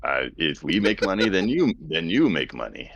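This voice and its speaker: Deep, gravelly male player who stumbles for words in casual game chat. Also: very animated, moderate pace, a bit bright, no room sound, dull audio. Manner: hesitant, stumbling over words.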